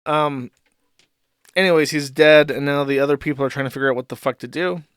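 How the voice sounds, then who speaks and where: A man hosts a live stream and mocks posts in a rambling, profane rant. His voice sits a bit high and sounds dry and close. He swings from quiet mutters to sarcastic jabs. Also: fairly quick, smooth, no echo. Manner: mocking, rambling, swearing. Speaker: streamer host.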